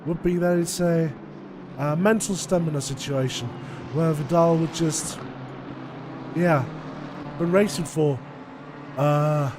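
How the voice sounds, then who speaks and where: A high-voiced man calls a sim race live, breaking down lap times and strategy in a chatty, analytical way. He laughs easily along the way. Loud race car noise runs behind him. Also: steady tone, slow pace, long pauses. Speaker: race commentator. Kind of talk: live sim racing commentary.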